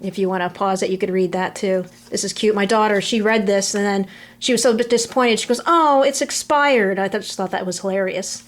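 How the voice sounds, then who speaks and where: A middle-aged woman chatting casually through a scrapbook album, relaxed, trailing off between items, recorded on a camera mic at home. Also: medium pitch, brisk. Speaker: crafter showing a scrapbook album. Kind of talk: casual show-and-tell narration.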